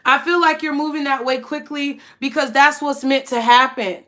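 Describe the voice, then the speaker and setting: A woman's voice: sits high, fairly even intonation, moderate pace, sharp tone. A woman giving a casual, emphatic tarot reading who is blunt and swears freely. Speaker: tarot reader.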